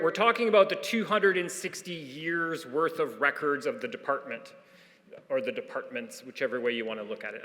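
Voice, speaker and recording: A man's voice: fairly high pitch, bright, forceful tone. A man, a historian, giving a formal, earnest conference presentation with occasional restarts. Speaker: departmental historian. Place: large conference hall. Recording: long hall reverb.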